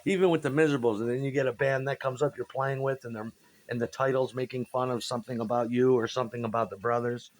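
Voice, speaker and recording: A fast-talking musician with a mid-range voice rattles off profane, rambling anecdotes about old gigs. In this casual storytelling, he animatedly acts out what people told him.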